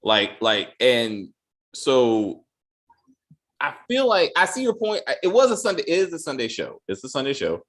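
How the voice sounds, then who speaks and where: At normal speed, a co-host with a mid-range, somewhat bright voice swings hugely in pitch during a casual podcast chat. His talk is loose and full of swearing, and he often stammers and repeats himself.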